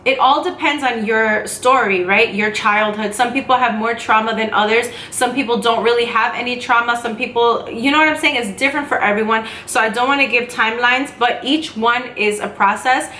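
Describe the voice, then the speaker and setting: A woman talks casually to her camera, rambling and breaking into quick asides. Her voice sits a little high and rings bright and forceful. The sound is roomy and echoey, picked up by the camera's own mic. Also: slight background noise. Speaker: vlogger. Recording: echoey room.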